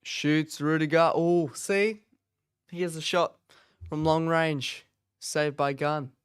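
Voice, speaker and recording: A man talks through a match in a loose, rambling way, with sudden excited bursts. His voice is smooth and resonant. The sound is close and dry, with no room echo. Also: a little high, slow pace. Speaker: watch-along host. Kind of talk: casual live match commentary. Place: office.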